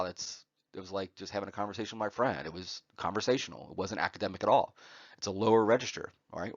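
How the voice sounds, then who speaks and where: A man giving a recorded poetry lecture over slides, often pausing on "uh" and checking in with "right?". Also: lowish voice, no room sound, highs cut off. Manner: frequent "uh" fillers and "right?" check-ins.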